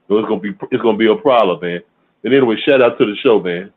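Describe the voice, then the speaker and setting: A man's voice: fairly low pitch, very fast. Laid-back man on a tinny phone line. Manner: laid-back, says "man" at the end of phrases. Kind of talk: casual livestream chat.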